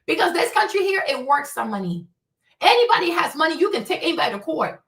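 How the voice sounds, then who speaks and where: A woman with a high, sharp voice delivers a fierce, profane livestream rant. She hammers her points with heavy emphasis. The sound is roomy and echoey, as if the mic sits some way off. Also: very animated, fast. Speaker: livestream host. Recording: echoey room, distant mic.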